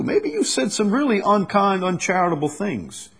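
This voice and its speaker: A man preaching an expository sermon, reading scripture slowly and deliberately, then booming for emphasis and dropping low. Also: expressive, slightly rough. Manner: reads verses slowly and deliberately. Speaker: pastor.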